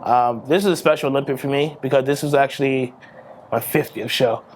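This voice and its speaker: The recording carries a little hiss or hum as a man in his thirties speaks fairly quickly, his mid-range voice keeping a steady tone. Fresh from winning a bodybuilding title, he gives a candid, emotional interview, swearing freely and often restarting what he says.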